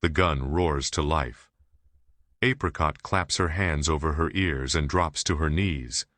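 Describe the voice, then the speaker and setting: A man reading an audiobook aloud in a steady, measured narration. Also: extremely low pitch, no room sound. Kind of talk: scripted narration.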